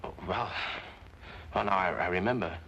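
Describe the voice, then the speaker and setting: An actor playing a nervous, frightened French interpreter who stammers and hesitates, in a 1950s TV drama. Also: male voice, low voice, moderate pace, gravelly, a bit bright, muffled recording. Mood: anxious. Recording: old TV soundtrack with faint hiss.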